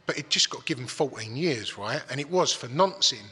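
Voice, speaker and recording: A man's voice: medium pitch, animated, brisk, sharp tone, breathy edge, in a large hall. A middle-aged man from England, telling a long story in blunt, sweary, rambling casual talk. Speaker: guest.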